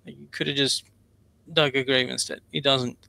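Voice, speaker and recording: A man's voice: mid-range voice, steady tone, normal speed, gravelly, bright, forceful tone, no echo. A man hosting a casual book discussion, rambling and joking as he goes. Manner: rambling, jokey, mimics voices. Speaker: podcast host, author.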